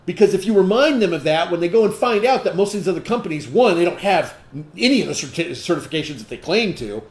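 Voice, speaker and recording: Training a group of distributors, this sales trainer talks with animated emphasis at a quick pace, his voice pitched somewhat above the typical male range. He peppers the room with rhetorical questions and frequent "okay?" checks, and the recording is echoey, like a large room.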